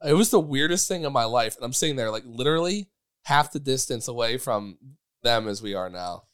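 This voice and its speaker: A man's voice: medium pitch, brisk, clear, resonant tone, no echo, clean studio sound. A young man co-hosting a comedy podcast, telling crude stories with lots of energy and acting out the people in them. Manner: animated storyteller, acts out voices. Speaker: podcast co-host.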